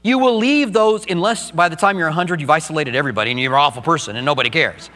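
A man's voice: a little high, fast, bright, forceful tone, big-room sound. A middle-aged man preaching a sermon as pastor, earnest and personal as he tells his own story.

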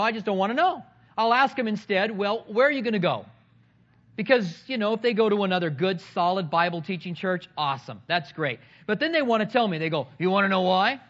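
A man, the pastor, preaching a sermon and telling funny, animated stories to make his point. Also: high-pitched, dull audio. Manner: animated storytelling with humor.

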